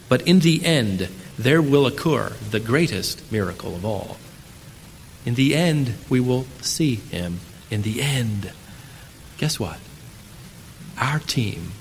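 A man preaching a sermon as pastor, swinging from loud emphatic declarations to hushed, quiet lines. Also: medium pitch. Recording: echoey hall, faint room noise.

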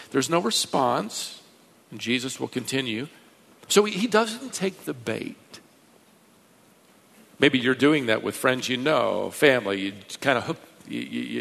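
Gravelly-voiced pastor preaching in a reverberant hall. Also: male voice. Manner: emphatic, varies pitch and loudness for emphasis. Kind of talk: expository sermon. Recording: long reverb of a large hall.

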